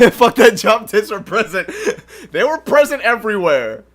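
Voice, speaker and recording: A young man hosting a podcast alone, telling a story in an animated, profane way and laughing often. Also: high voice, unhurried. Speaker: podcast host. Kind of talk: casual storytelling. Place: home livestream setup.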